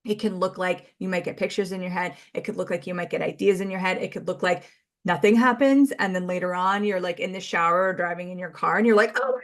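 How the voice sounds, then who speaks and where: A woman's voice: on the low side, fairly even intonation, fast talker. Canadian woman guest on a podcast, chatty, keeps acting out little conversations. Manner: chatty, acts out quoted dialogue, laughs often. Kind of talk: casual chat.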